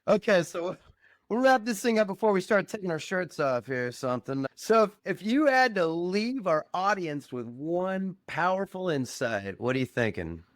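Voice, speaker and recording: Man podcast host, higher voice, playful and bantering. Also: sing-song, normal speed, dry recording, clean studio sound. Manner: playful, joking. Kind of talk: casual interview chat.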